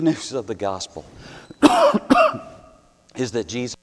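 A man preaching a sermon, telling a story earnestly with dramatic pauses and rising to louder passages. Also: medium pitch, huge pitch swings, husky. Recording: long hall reverb.

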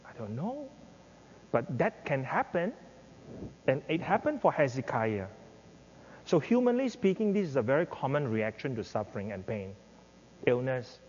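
A man's voice: big pitch swings, normal speed, pauses often, darkish tone. Older male pastor preaching in a hall. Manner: impassioned, acts out prayers with rising pitch. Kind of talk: sermon. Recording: dull reverberant hall with faint noise.

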